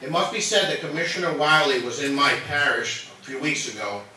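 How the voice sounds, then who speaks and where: A nervous man with a somewhat high, bright voice delivers an earnest, emotional public statement at a meeting. He is picked up from a distance in a large, very echoey chamber. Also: lively intonation, fairly quick, slight background noise. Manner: earnest, emotional, defending himself. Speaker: resident speaking at public comment. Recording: echoey hall from far off.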